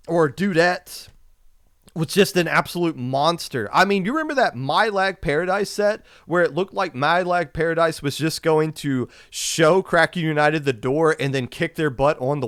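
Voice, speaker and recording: A man hosting a podcast, delivering an emphatic, impassioned rant and repeating his points, his voice going hoarse. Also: a little high, a bit bright, no echo, studio quality. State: losing his voice. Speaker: podcast host. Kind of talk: opinionated esports podcast rant.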